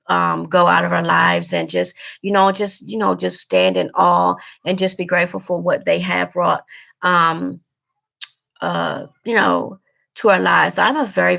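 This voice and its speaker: Her voice sits fairly low, creaky yet pushed and bright. This woman vlogger chats casually straight into the camera, earnest and emotional, and tends to say things more than once.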